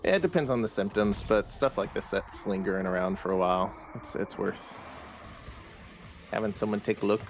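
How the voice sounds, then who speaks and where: A man co-hosting a gaming show, a doctor who explains things in a relaxed, casual way. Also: fairly low pitch, a little fast, music in the background. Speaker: co-host, a doctor. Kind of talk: casual livestream chat.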